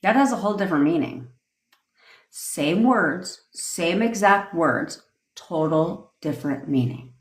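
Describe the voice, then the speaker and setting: A woman's voice: on the low side, expressive, measured pace, reverberant. A woman manifestation coach giving a blunt, profane livestream rant in a conversational way, acting out tones of voice in her examples.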